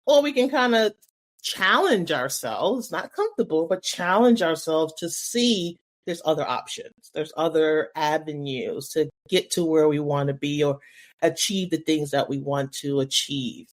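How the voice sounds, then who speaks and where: A woman's voice: low-pitched, lively intonation, measured pace. A woman co-hosting a podcast, talking casually and reflectively, answering her own rhetorical questions. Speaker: podcast co-host. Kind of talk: casual conversational podcast chat.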